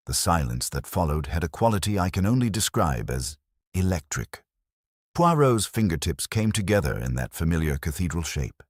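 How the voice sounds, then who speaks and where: A very deep, husky male voice reads first-person mystery narration. He is measured and wry, with period-formal phrasing and a lively rise and fall in his pitch. The sound is dry and close. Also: dry recording.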